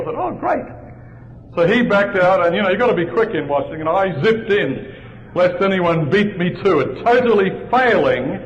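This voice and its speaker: A male pastor telling a humorous personal story during a sermon, in a lively storytelling manner. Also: fairly high pitch, a little hiss or hum. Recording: dull lo-fi recording in a large reverberant hall.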